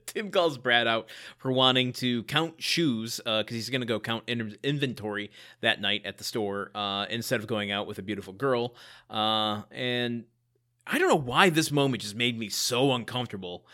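A man's voice: medium pitch, moderate pace, pushed and bright. A man co-hosting a casual podcast, retelling sitcom scenes and laughing often as he quotes the characters. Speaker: podcast co-host. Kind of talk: casual chat recapping a sitcom episode.

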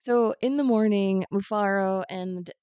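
A woman guest on a podcast, chatting casually and retelling a story in an animated, joking way. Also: mid-range voice, unhurried, clear, resonant tone, no room sound, muffled recording.

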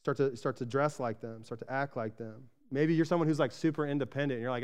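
A man from Arizona preaching a sermon in a casual, chatty way, often checking in with the congregation and getting animated in his stories. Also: mid-range voice, fast, smooth. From Arizona, USA. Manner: animated storytelling, rising louder when excited. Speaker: pastor.

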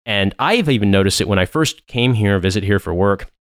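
A man's voice: fairly low pitch, expressive, dry recording, clean studio sound. An American man hosting a podcast, telling stories in casual chat and laughing along. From United States. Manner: fast, rambling storyteller with laughs. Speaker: podcast host.

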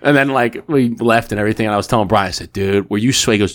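A man's voice: lowish voice, fast talker, hardly any pauses. A man in his thirties co-hosting a podcast, telling a story in casual, profanity-laced chat. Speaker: podcast co-host.

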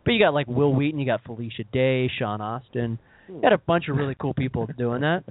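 A man hosting a podcast talks in a loose, rambling way, restarting his sentences as ideas pile up. His voice sits at an ordinary middle pitch. The sound is thin and phone-like, with no room echo at all. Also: brisk. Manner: animated, rambling, self-interrupting. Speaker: podcast host. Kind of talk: casual chat. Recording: tinny phone-like dry recording.

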